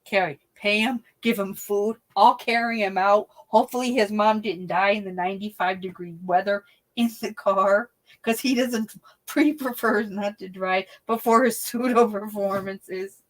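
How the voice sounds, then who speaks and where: Animated woman telling a story to live chat. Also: medium pitch, moderate pace, poor audio. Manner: animated, swearing, laughing mid-sentence. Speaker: livestream host reading chat.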